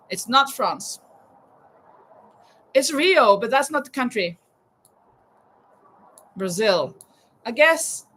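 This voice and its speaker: A woman's voice: a little high, fairly bright tone, rough recording. A woman in her fifties hosting a live chat and quiz, laughing often and exclaiming "oh my goodness.". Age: 50s. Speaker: livestream host running a quiz.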